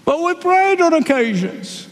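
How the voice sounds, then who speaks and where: Preacher putting on high whiny begging guests, desperate, big echoey hall. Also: male voice, very animated, unhurried, heavily acted. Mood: pleading. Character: pleading foolish wedding guests, desperate. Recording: reverberant hall.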